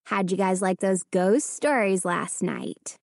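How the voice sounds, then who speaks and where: A woman voicing a cheerful young girl in a storybook reading, bright and teasing. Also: mid-range voice, takes it slowly, creaky, dry recording, clean studio sound. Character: cheerful preteen girl, teasing older sister.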